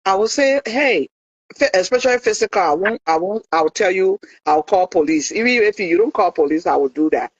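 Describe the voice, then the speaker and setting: A woman's voice: mid-range voice, animated, a little fast, husky, no room sound. A woman calling in to a talk show, talking in a passionate, opinionated way with many restarts. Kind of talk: casual chat. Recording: dull lo-fi dry sound.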